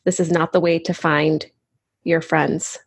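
A woman speaking as her character, a gentle and earnest young woman comforting a friend in a tabletop game. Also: low voice, level tone, measured pace, slightly rough, no room sound, studio quality.

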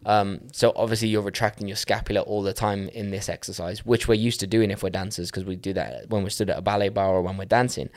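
A man's voice: on the low side, steady tone, quick pace, few pauses, darkish tone. A man hosting a podcast, casually walking through dance fitness exercises step by step with lots of "like" and "um". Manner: chatty, with fillers like "like" and "um".

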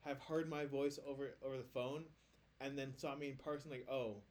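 A man in casual podcast chat at a middle pitch, reading posts aloud and then riffing on them. His talk is loose and rambling, with filler "like" scattered through it. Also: steady tone, brisk, darkish tone. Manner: loose, chatty, leans on filler "like". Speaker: podcast co-host.

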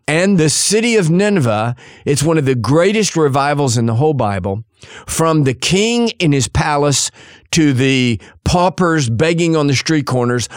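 A male preacher teaching a sermon-style Bible lesson, telling the story with lively pacing and acting out the characters' words. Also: a little high, dry recording, studio quality. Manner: storytelling, acts out quotes.

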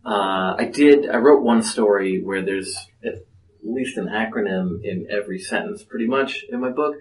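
A male author speaking on a panel, reflective and halting, with frequent fillers and restarts. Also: fairly low pitch, roomy sound, slight background noise, rough recording. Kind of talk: panel discussion.

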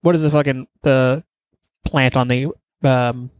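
A man's voice: medium pitch, steady tone, a little slow, a little mellow, dry recording. A man co-hosting a podcast, talking bluntly and casually with some swearing. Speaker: podcast co-host. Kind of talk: casual chat.

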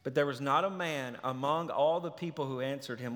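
A man preaching a sermon, animated and acting out the characters in sarcastic voices. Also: mid-range voice, fairly quick. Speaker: pastor. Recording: long reverb of a large hall.

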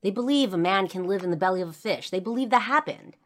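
A woman's voice: medium pitch, expressive, quick pace, pitched above the performer's own voice, close to an everyday voice. Woman doing a skeptical little girl. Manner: matter-of-fact, doubting. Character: skeptical little girl cousin, about seven.

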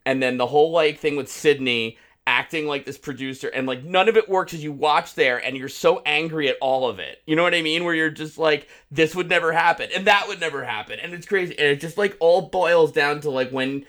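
A man's voice: fairly high pitch, brisk, few pauses, a bit bright. A man co-hosting a casual podcast, ranting with exasperation and swearing. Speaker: podcast co-host. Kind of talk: casual chat.

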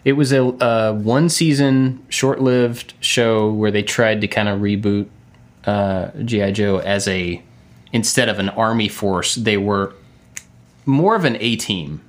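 Middle-aged man, podcast co-host, casual chat, somewhat low voice, rambling storyteller. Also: unhurried. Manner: chatty storyteller, frequent fillers and laughs.

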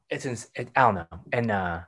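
A man's voice: lowish voice, normal speed, a bit bright. A man in casual chat who rambles, trails off and searches for words.

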